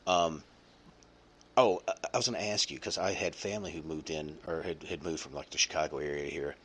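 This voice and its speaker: A man's voice: very deep voice, fairly quick, a bit bright, slightly rough. A man hosting a podcast, chatting casually and rambling with many fillers and restarts. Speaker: podcast host. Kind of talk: casual chat.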